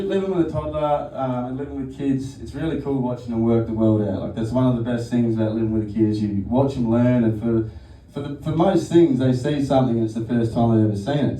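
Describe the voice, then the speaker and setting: A man's voice: mid-range voice, fairly quick, hardly any pauses, mellow, far from the mic. A man doing a stand-up set, telling crude, rambling stories and often breaking into laughter. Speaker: stand-up comedian. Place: comedy venue stage. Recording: echoey, noisy room miked from afar.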